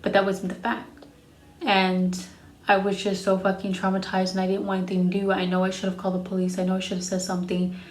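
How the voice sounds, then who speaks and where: Blunt young woman, flat delivery. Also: medium pitch, fast talker, roomy sound. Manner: frank and profane, blunt retelling. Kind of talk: casual storytime vlog.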